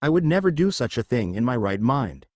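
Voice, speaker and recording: A man's voice: mid-range voice, sing-song, a little fast, a little mellow, no room sound. A man voicing a strong demigod hero who earnestly pleads his innocence, recorded dry and close.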